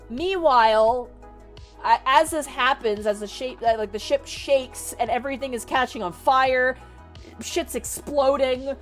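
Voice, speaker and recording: A woman with a fairly high voice retells a story in a loose, animated streamer style, swearing freely and leaning on "like" as filler. Faint music runs underneath her talk. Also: unhurried.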